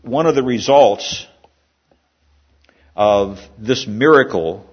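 A man's voice: mid-range voice, takes it slowly, breathy edge, muffled recording. A man preaching a sermon in a conversational way, asking the congregation questions and restarting phrases as he goes. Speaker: pastor.

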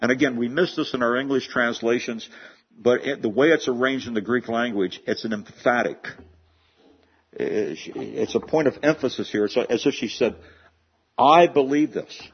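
A man's voice: mid-range voice, moderate pace, breathy edge, lo-fi sound. A man preaching a sermon in an earnest way, often repeating words as he builds a point. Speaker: pastor.

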